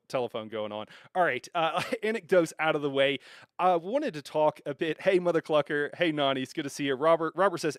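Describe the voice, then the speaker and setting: A man's voice: on the high side, smooth, dry recording, studio quality. A man hosting a live gaming stream, chatting casually, laughing often and restarting phrases. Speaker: stream host.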